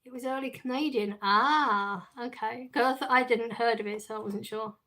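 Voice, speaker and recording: A woman's voice: fairly high pitch, fairly even intonation, moderate pace, fairly bright tone. A middle-aged woman hosting a casual live stream, chatting with her viewers, reading out their messages and laughing often. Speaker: livestream host reading chat. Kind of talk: casual chat.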